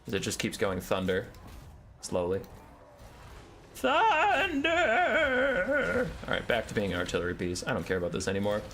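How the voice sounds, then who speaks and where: A man's voice: sits low, fairly even intonation, racing, hardly any pauses, soft background music. A young man giving live commentary on his own strategy game match, issuing orders to his units with sarcastic, joking asides.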